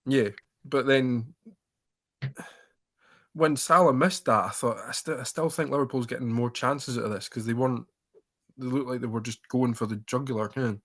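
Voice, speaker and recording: A man's voice: medium pitch, normal speed, pauses often, fairly bright tone. A man appearing as a guest on a casual football podcast, speaking earnestly and restarting his sentences.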